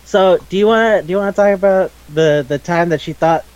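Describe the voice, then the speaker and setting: A man's voice: sits high, fairly quick, a little mellow, smooth, dull audio. A young adult man hosting a podcast, chatting casually and animatedly, laughing often and swearing freely. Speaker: podcast host. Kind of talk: casual chat.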